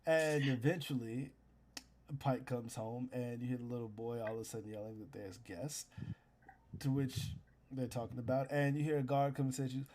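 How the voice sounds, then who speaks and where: A young man narrating a tabletop game as game master, chatty and quick to laugh. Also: mid-range voice, steady tone, darkish tone.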